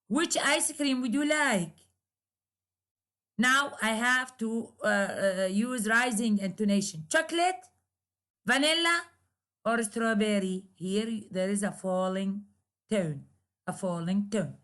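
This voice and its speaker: Slow-paced woman lecturer. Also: a little high, a bit bright. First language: Arabic. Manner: slow, repetitive explanation with many fillers, acting out example questions. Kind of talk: recorded English intonation lecture.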